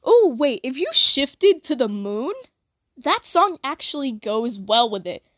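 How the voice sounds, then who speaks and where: A woman's voice: sits high, very animated, measured pace, fairly bright tone, no room sound, clean studio sound. A young woman chatting casually, rambling with lots of "like" and self-corrections.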